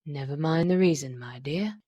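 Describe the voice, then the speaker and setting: A woman's voice: mellow, no room sound, highs cut off. A woman doing a sinister dying old man. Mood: menacing. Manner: slow, low, menacing.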